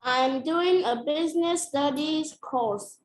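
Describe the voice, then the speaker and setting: A woman's voice: high-pitched, slow. A woman student on a video call, reading out her answer carefully in an English class. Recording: echoey room with faint noise.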